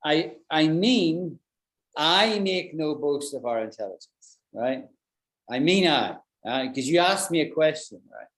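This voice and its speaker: A man's voice: on the high side, lively intonation, measured pace, a bit bright, reverberant. A man with a British accent, teaching an online English lesson in a chatty way, explaining with examples and checking that his students follow. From Britain.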